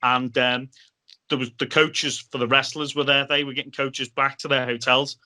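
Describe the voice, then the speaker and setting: Bright-voiced man telling stories. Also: mid-range voice, normal speed. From Liverpool, England. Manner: animated storyteller, acts out other people's lines. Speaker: podcast guest. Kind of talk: casual anecdote telling.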